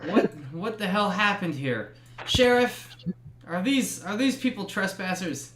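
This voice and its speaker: A man's voice: high-pitched, big pitch swings, a little slow, reverberant, over a noisy crowd, voice pushed up. A man voicing a flustered male homeowner who is startled to find strangers in his house, firing off indignant questions.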